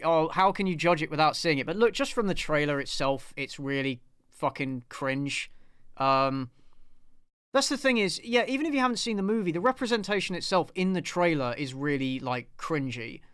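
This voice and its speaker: Ranty sweary guy reviewing a movie live, bouncy voice, super clear. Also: a little high, very animated, normal speed, a bit bright, dry recording, clean studio sound. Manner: sarcastic, swearing, ranting; laughs often. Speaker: online film reviewer. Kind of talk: casual live commentary.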